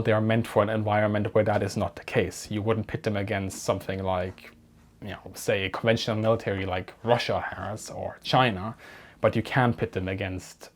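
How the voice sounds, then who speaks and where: A man's voice: lowish voice, brisk. Dry-humored man. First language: German. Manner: dry, wry and matter-of-fact, with quiet deadpan comebacks. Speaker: YouTube channel host. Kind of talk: reading and answering viewer comments.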